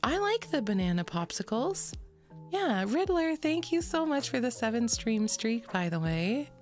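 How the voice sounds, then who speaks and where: A woman's voice: a little high, very animated, unhurried, soft background music. A woman streamer chatting casually with her live chat in a sleepy morning voice, giggly and rambling, swearing freely.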